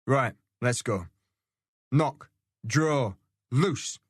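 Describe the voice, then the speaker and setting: A man voicing a gruff male archer sergeant who mutters and barks orders in a storybook reading. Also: fairly low pitch, a little fast, fairly bright tone, no room sound, clean studio sound. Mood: commanding.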